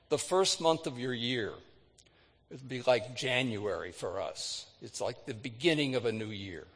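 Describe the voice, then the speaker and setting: A man preaching a sermon, retelling scripture with dramatic readings, lifting his voice for quoted words and dropping it low for solemn moments. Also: expressive, measured pace, long reverb tail. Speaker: pastor.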